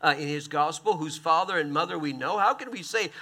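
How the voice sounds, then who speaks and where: A man preaching a sermon, reading scripture aloud and breaking in with quick, animated asides. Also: fairly high pitch. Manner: animated, quick asides between read passages.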